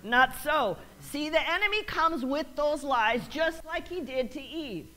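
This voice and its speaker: High-voiced woman preaching with big swings. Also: animated, a little slow, bright, forceful tone. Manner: call-and-response preaching, rising to emphatic repeats; acts out quoted voices with laughs. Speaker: pastor. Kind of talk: sermon.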